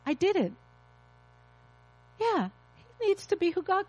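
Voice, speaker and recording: A woman's voice: very high-pitched, sing-song, slow pace, pauses often, dark tone, no echo, low-quality recording. A woman in her fifties, a pastor, preaching an emotional, confessional testimony. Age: 50s. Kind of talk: sermon testimony.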